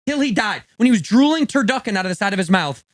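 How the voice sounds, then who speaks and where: A man with a high voice fires off fast, mock-serious ribbing in casual podcast talk. The sound is dry and close-miked. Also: lively intonation, dry recording. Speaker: comedian guest.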